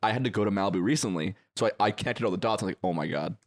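A man's voice: fairly low pitch, rapid-fire. A young man co-hosting a podcast, rambling through a self-deprecating anecdote. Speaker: podcast co-host. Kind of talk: casual chat.

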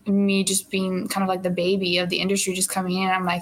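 A young actress chatting in an interview, animated and full of fillers and laughs. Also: female voice, mid-range voice, fast, slight background noise, low-quality recording. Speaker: actress guest. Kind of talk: casual interview chat.

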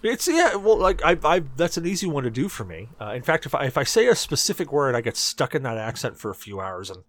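A man chatting casually as a podcast co-host, animated and rambling, often repeating himself. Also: on the high side, quick pace. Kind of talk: casual chat.

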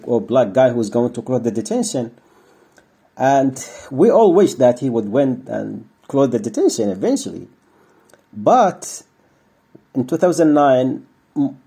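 A man's voice: medium pitch, warm tone, slightly rough. A man, a former detainee, answering interview questions and searching for words with many restarts.

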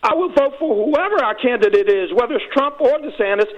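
Fired-up high-voiced male caller on a phone line. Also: expressive. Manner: rushed, fired-up, repetitive restarts. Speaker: radio show caller. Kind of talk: phoned-in call to talk radio.

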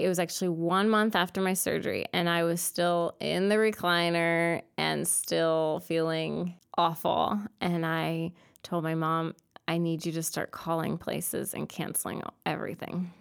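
A woman's voice: fairly low pitch, vocal fry, clear, resonant tone. A young woman telling an emotional personal faith story as an interview guest. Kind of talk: testimony interview.

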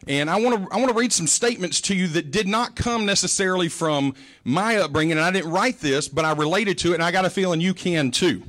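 High-voiced man preaching with folksy humor. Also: fast, a bit bright. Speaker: pastor. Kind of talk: sermon.

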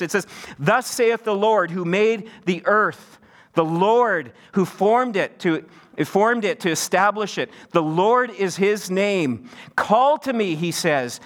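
Middle-aged male pastor, high voice, preaching with big swings in pitch. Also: a bit bright. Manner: wide pitch swings, rising to emphatic peaks. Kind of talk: sermon.

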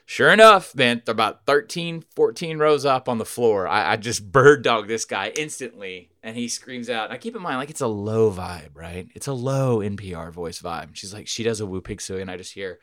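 A man hosting a podcast, telling a rambling, profane story with sudden loud outbursts. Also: fairly low pitch, lively intonation, moderate pace, no echo, studio quality. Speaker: podcast host. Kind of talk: casual storytelling chat.

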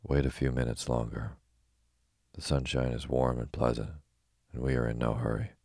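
A man voicing a proud, fussy yellow hen in a storybook reading, prim and easily offended. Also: a bass voice, flat delivery, normal speed, creaky, dry recording, clean studio sound, exaggerated voice.

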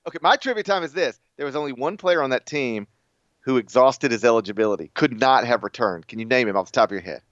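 An American man co-hosting a casual sports podcast, joking and laughing as he talks, with lots of quick restarts. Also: mid-range voice, lively intonation, fairly bright tone, no echo, dull audio. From United States. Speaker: podcast co-host.

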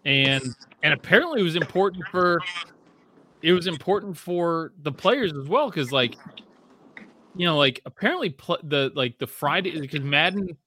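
A man in his thirties co-hosting a casual sports podcast, telling stories with lots of swearing and climbing pitch when he gets excited. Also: normal speed. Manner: animated storyteller, swears freely, rising pitch when excited. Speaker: podcast co-host.

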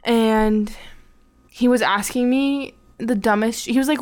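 A woman's voice: on the high side, moderate pace, clean tone. Frank young woman telling a story. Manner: casual, frank, swears, laughs often. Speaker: podcast guest, host's fiancée. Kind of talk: casual chat, storytelling.

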